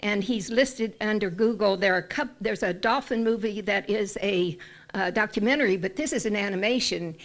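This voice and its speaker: A woman's voice: mid-range voice, normal speed. A woman talking to a congregation about a friend, rambling and hesitant with many fillers. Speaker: congregation member making an announcement. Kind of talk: casual announcement to a congregation.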